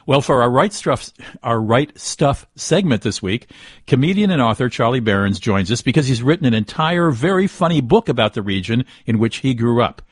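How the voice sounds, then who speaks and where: Husky-voiced male radio host. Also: medium pitch, normal speed, no echo, studio quality. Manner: relaxed conversational delivery with hesitations. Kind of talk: radio interview and read sponsor spot.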